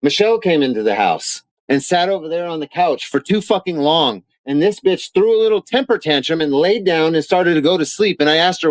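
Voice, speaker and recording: A man's voice: on the high side, expressive, a little fast, hardly any pauses, no room sound. A man ranting angrily in a vlog, heated, profane and sarcastic. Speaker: vlogger. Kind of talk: angry rant reading out documents.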